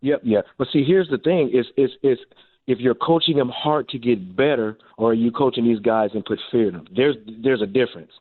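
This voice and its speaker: A man's voice: medium pitch, a little fast, no echo. A man, a former pro receiver turned coach, telling stories on a radio show and acting out the quotes as he talks. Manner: animated storyteller, acts out quotes. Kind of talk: casual radio interview. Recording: tinny phone line.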